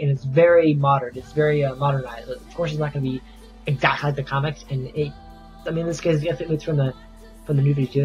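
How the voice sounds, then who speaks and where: A man with a somewhat high voice talks through a movie review in a loose, eager ramble, circling back over his own phrases. The sound is dull and lo-fi, with faint music underneath. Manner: rambling, enthusiastic, stop-start phrasing. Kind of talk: casual spoken review.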